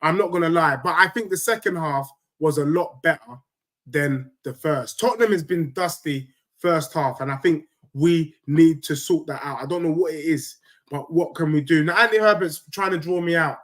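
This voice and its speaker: A man chatting live to viewers after a football match, in animated, slangy banter. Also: fairly high pitch, normal speed. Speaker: football fan streamer. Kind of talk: live stream chat reacting to a match.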